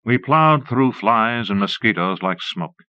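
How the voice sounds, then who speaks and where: A man narrating an audiobook in a measured first-person storytelling manner, on a dull old cassette recording. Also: fairly low pitch, expressive, pushed and bright, no echo.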